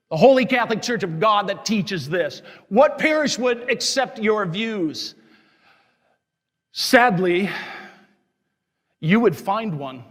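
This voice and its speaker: A man's voice: sits high, a bit bright. A man, a diocesan priest, delivering an impassioned, indignant sermon in a church. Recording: long church reverb.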